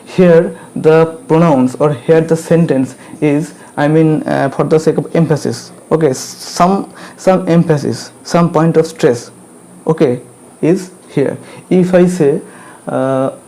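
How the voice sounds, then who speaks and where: A man with an Indian English accent giving a grammar lecture in an unhurried, deliberate way. His voice is fairly high but mellow and soft-edged. He repeats key words and keeps checking that the class follows. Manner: slow and repetitive, checks in with "okay" and "clear?".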